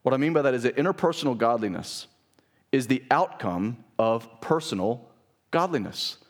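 Guy preaching a sermon in church, kinda high voice, keeps clearing his throat, really emphatic. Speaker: pastor. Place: church sanctuary.

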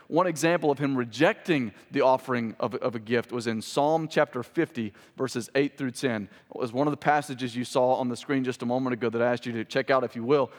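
Male pastor, 30s, chatty sermon delivery that swells on key points, reverberant hall. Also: on the high side. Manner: conversational preaching, rising for emphasis.

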